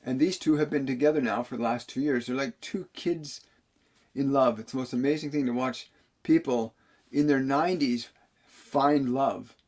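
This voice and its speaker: A man's voice: mid-range voice, moderate pace, a little mellow. A man working as a spiritual medium, reading viewer questions on a live stream and answering them earnestly, often repeating key phrases. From Canada.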